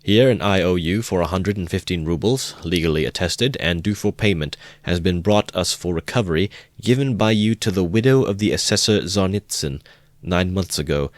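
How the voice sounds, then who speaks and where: A man's voice: sits low, no room sound, lightly acted. A man voicing an officious, condescending head clerk reading out legal terms in a storybook reading. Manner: hurried, officious.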